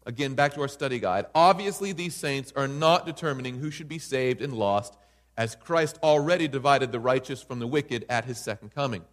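A man's voice: medium pitch, normal speed, long reverb tail. A man preaching a Bible study sermon in an emphatic way, often checking in with listeners by asking "right?".

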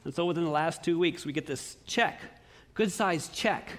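A middle-aged pastor preaching a sermon in a church, telling stories in an earnest way with lively swings in his voice. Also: normal speed. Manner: earnest storytelling with animated swings in pitch.

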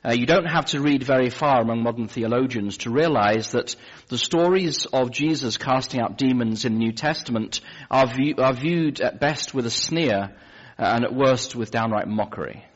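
Husky middle-aged English preacher. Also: male voice, medium pitch, moderate pace, muffled recording. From England. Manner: wry, conversational, with frequent restarts. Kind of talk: sermon storytelling.

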